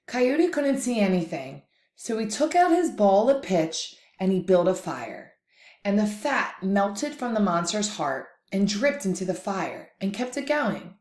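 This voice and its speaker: A woman teacher telling a folktale aloud for a lesson, in an expressive, lively read-aloud style. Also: medium pitch, roomy sound. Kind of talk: storytelling for a lesson.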